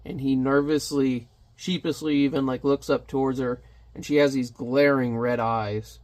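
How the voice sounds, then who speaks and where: A man's voice: mid-range voice, steady tone, normal speed, a little mellow. A man casually reviewing a comic, chatty and joking as he narrates the panels. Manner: chatty, jokey asides.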